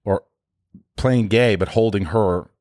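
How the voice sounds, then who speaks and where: A man's voice: fairly low pitch, takes it slowly, dry recording, clean studio sound. A man, an actor, chatting casually and acting out an anecdote with quoted voices. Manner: animated storyteller, acts out quotes. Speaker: actor guest. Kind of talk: casual chat.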